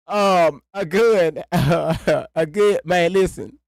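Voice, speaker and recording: A man's voice: on the high side, drawn-out words, vocal fry, hardly any pauses, no echo, studio quality. A man, hosting a casual livestream, rambling, swearing freely and breaking into laughter. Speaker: livestream host.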